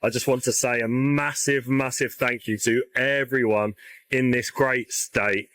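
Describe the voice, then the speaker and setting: A man's voice: mid-range voice, fairly even intonation, a little slow, fairly bright tone. A man giving a sincere, grateful farewell in a travel vlog.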